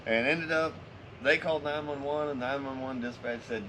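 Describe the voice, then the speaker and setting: A man with a mid-pitched voice tells a long story to his friends in a relaxed, profane drawl. He swears constantly. Clear background noise sits under his voice. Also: brisk.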